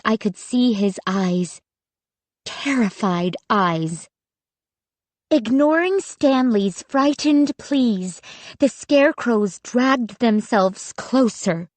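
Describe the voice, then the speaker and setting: A woman reading a spooky children's audiobook in measured, suspenseful scripted narration. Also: a little high, dry recording.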